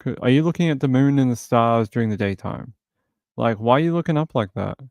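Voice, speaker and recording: A man's voice: mid-range voice, animated, brisk, creaky, a little mellow, dry recording. A man hosting a true crime stream, mocking a news clip with sarcastic rhetorical questions. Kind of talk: live commentary on a news clip.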